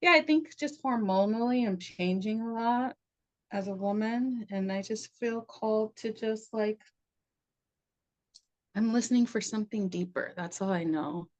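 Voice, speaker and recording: A middle-aged woman, a somatic practitioner, appears as a podcast guest in a casual, reflective conversation, laughing often and saying "like" a lot. Her voice is a little high and her pace measured. The recording has a lo-fi sound.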